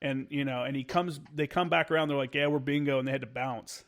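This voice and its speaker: A man's voice: mid-range voice, fairly even intonation. A man, a former Marine, telling candid war stories as a podcast guest, swearing freely and acting out old radio calls. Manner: halting with many fillers. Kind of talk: casual war story telling.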